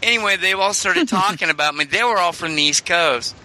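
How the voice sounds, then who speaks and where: A middle-aged male host tells a story in a casual, rambling way, restarting his sentences often. His voice is strikingly bright and a little high. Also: normal speed. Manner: rambling, many restarts and fillers. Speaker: radio show host.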